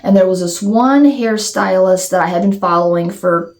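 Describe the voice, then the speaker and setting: A woman's voice: mid-range voice, normal speed, darkish tone. A woman talking candidly to her viewers in a casual Q&A vlog, rambling and restarting her sentences as she goes. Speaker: YouTuber answering viewer questions.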